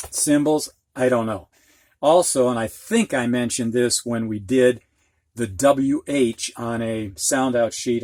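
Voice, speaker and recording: Speaking in a mid-range, slightly mellow voice with no echo around it, a man from the American Midwest teaches reading. He frankly walks through dictionary pronunciation symbols in a slow lesson, drawing sounds out to show them.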